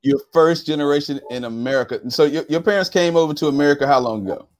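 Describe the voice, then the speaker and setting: A man's voice: a little high, quick pace. A man hosting a casual podcast interview, asking questions and playfully encouraging his guest.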